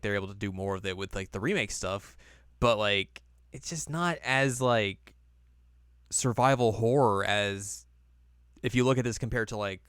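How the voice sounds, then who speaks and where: A man's voice: lowish voice, fairly bright tone, no room sound, clean studio sound. A man co-hosting a podcast, rambling in casual chat full of "like" fillers. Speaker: podcast co-host.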